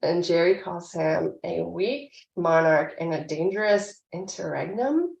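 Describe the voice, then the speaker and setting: Woman, podcast co-host, chatty recap, gravelly, echoey room. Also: lowish voice, lively intonation, unhurried, darkish tone, slight background noise. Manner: chatty, leads the episode recap. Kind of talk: casual TV recap discussion.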